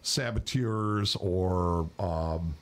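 Low-voiced man ranting on a podcast. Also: extremely slow. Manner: ranting, heavy swearing. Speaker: podcast co-host. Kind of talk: casual chat.

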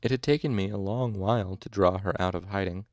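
A man's voice: low voice, fairly quick, no echo, studio quality. A man reading a novel aloud expressively, with occasional asides and self-corrections. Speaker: audiobook narrator.

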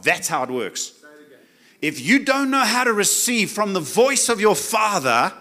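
A man's voice: sits high, big pitch swings, a little slow, pushed and bright. A man preaching a sermon, emphatic, stopping to have the congregation repeat key words back to him.

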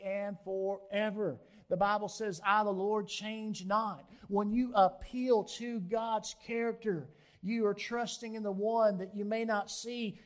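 A middle-aged man, a pastor, preaching a sermon earnestly, slowing down for emphasis and rising into loud pleas. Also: high-pitched.

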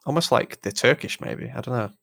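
A young man in casual podcast chat, blunt and animated, swearing freely. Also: mid-range voice, brisk, vocal fry. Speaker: podcast co-host.

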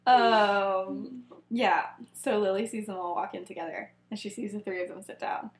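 A young woman co-hosting a podcast, casually retelling a fan story, animated and laughing often. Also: medium pitch, moderate pace. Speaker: podcast co-host. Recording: echoey room.

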